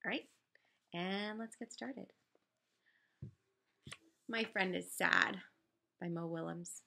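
First grade teacher lady, slow and gentle, bright voice. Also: fairly low pitch, creaky. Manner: gentle instructive tone to children. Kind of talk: recorded read-aloud lesson.

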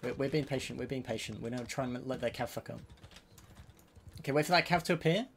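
A man streaming a competitive match, shouting quick, repetitive orders to his team and swearing often. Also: mid-range voice, creaky, husky. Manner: urgent, repetitive callouts, swearing. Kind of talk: live gaming comms, giving orders.

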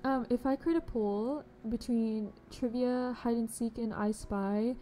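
A woman's voice: a little high, unhurried, hardly any pauses, warm tone, faint music behind. A young woman chatting casually on a game live stream, bubbly and chatty, greeting viewers with pet names. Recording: faint background noise.

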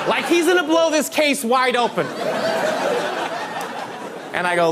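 A man spins a stand-up story on a club stage, animated and conspiratorial, often checking in with the audience. His voice sits high and swings widely. Audience murmur and room noise fill the live recording. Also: brisk, over a noisy crowd. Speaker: stand-up comedian.

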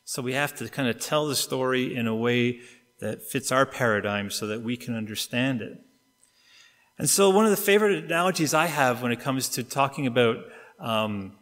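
Male pastor, middle-aged, from Canada, sermon in a reverberant church, animated storytelling, shifts between loud and hushed. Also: mid-range voice, moderate pace. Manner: storytelling with acted-out quotes, wide swings in loudness and pace. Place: church sanctuary. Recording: long reverb of a church hall.

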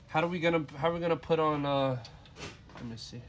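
A young man live-streaming while he works on a car, loud and excitable, swearing often and talking to his chat. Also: fairly high pitch, a little fast, noisy background. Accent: Florida.

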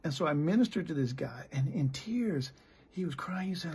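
Very raspy, gravelly middle-aged American pastor. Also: male voice, on the high side, expressive, a little fast, a little mellow. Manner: blunt, plain-spoken, frequent restarts. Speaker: pastor and missionary. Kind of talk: candid sermon.

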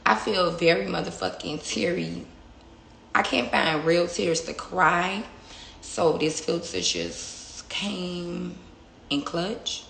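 A woman's voice: lowish voice, vocal fry, a bit bright, roomy sound, a little hiss or hum, rough recording. A young woman livestreaming from her phone, talking bluntly and with plenty of swearing in a casual, confrontational chat. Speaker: livestream host.

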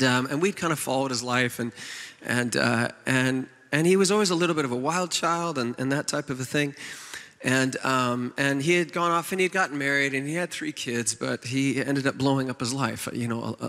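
A man's voice: mid-range voice, a bit bright. A middle-aged man preaching at a church conference, telling a personal story in an earnest, tender, emotional way with many fillers and restarts. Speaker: worship leader preaching at a conference. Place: large church conference hall. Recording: long hall reverb.

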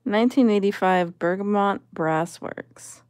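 A woman's voice: mid-range voice, measured pace, darkish tone, no room sound, studio quality. A woman vlogger giving casual commentary as she sorts vintage jewelry, musing and appraising each piece aloud.

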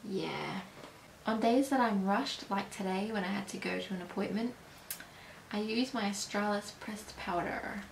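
A tired woman in her early twenties chatting through a casual beauty review, rambling and unhurried with plenty of hesitations. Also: medium pitch, creaky, a little hiss or hum. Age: early 20s. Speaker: beauty vlogger. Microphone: camera mic. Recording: roomy echo.

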